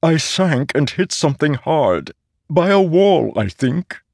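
A man's voice: on the high side, big pitch swings, slow, vocal fry, a little mellow, no room sound, studio quality, voice pushed up, full character voice. A male audiobook narrator voicing a cheerful, naive talking sword that is eager to fight, its voice sounding distorted, as if underwater. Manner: childlike, chirpy, oblivious. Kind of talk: audiobook character voice.

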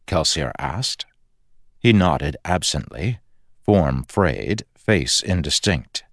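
A man giving a measured, expressive scripted narration of an audiobook. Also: a bass voice, no room sound, clean studio sound.

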